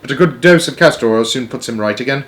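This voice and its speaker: A man voicing a blustering, hot-tempered father who shouts often, in a storybook reading. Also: medium pitch, animated, fast talker, lightly acted. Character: blustering short-tempered middle-aged father.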